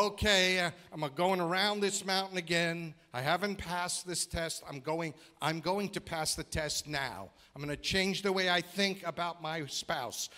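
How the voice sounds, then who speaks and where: A man preaches a sermon in a church, his voice sitting a little higher than most men's. He drives his points home by repeating phrases in rhythmic lists and keeps turning to the congregation with questions. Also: sharp tone. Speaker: guest preacher. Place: church sanctuary.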